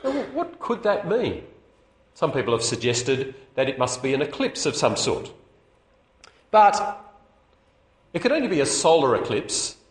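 A man delivers a sermon with a lively, swooping voice that sits a little high. He asks rhetorical questions and lets out small chuckles. The sound rings around an echoey hall. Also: measured pace, long pauses. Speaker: preacher. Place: meeting hall. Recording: echoey room.

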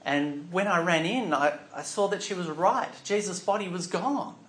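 A man telling a Bible story as a first-person dramatic monologue, going from hushed to loud. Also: high voice, moderate pace. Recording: echoey room.

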